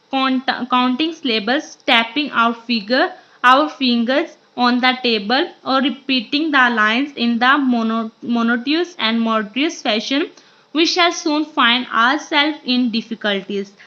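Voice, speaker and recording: A high, bright-voiced woman reads a literature lesson aloud, often stumbling and restarting her words. The recording sounds dull and lo-fi. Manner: halting reading with frequent restarts and fillers. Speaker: teacher.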